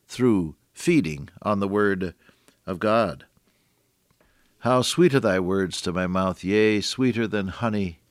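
An older man giving a folksy, earnest radio sermon, reading scripture slowly and solemnly. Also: fairly low pitch, dry recording, studio quality. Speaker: radio preacher.

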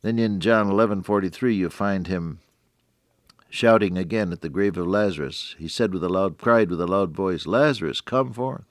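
A man's voice: sits low, fairly even intonation, normal speed, dry recording, studio quality. An older man giving a radio devotional sermon, earnest, quoting scripture in old wording and swelling on key phrases. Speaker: radio preacher.

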